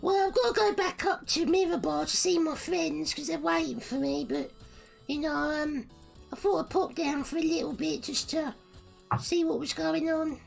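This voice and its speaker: Woman plays an easygoing traveler, high gravelly voice, faint music behind. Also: steady tone, normal speed. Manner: casual, easygoing. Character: cheerful male traveler visiting the city.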